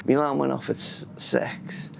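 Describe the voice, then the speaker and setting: A man's voice: medium pitch, little pitch movement, normal speed, slight background noise. A man vlogging in a casual, rambling monologue, often losing his thread and restarting words. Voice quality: gravelly and husky.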